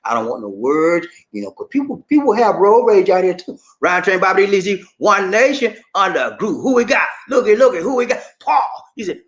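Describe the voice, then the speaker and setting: A man hosting a casual livestream, reading out viewer comments and chatting back in an animated, drawling way, often tossing in "man". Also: high-pitched, normal speed, hardly any pauses, dull audio. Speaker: vlogger reading live chat.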